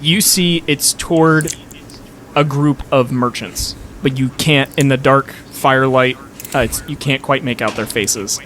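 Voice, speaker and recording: A man's voice: mid-range voice, a little slow, fairly bright tone, a little hiss or hum. A man working as dungeon master, narrating a tabletop game in a loose, rambling way full of fillers.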